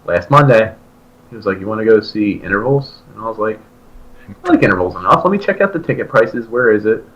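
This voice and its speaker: A man in his thirties, a podcast co-host, telling a long story in casual chat and acting out his own excited remarks. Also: lowish voice, fast talker, dull audio. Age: 30s. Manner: animated, jumps into loud excited quoted voices.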